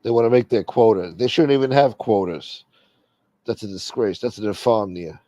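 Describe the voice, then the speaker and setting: Profane, blunt streetwise livestream host. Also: male voice, lowish voice, normal speed, mellow, dry recording, lo-fi sound. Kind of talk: casual livestream chat.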